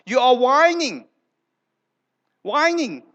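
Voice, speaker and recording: Emphatic high-voiced male pastor preaching. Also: very animated, slow, a bit bright, highs cut off. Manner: emphatic, repeats words and acts out quotes. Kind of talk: sermon. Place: church.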